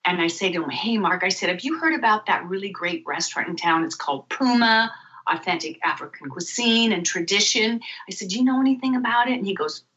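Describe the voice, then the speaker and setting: A woman guest on a radio talk show, telling a lively personal story and acting out the dialogue in it. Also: mid-range voice, brisk. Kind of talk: storytelling interview. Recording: muffled lo-fi radio audio.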